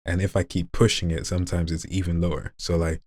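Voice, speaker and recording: A man's voice: deep voice, little pitch movement, brisk, a little mellow. A young man, a voice actor, casually explaining and demonstrating vocal techniques in a playful way. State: throat strained. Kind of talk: casual voice-acting demo vlog.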